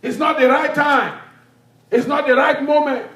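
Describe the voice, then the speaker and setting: A man preaching takes on the voice of a puzzled husband questioning his wife, a little higher and pressing. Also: steady tone, measured pace, a bit bright, roomy sound, far from the mic. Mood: doubtful questioning.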